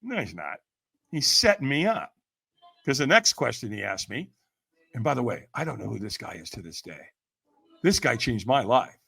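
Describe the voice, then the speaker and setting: A man's voice: medium pitch, big pitch swings, normal speed, gravelly, pauses often, a bit bright, slightly rough. A man guest on a podcast telling a story with lots of energy. He acts out the people he quotes, laughs often and keeps saying "man" and "right?". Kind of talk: animated storytelling.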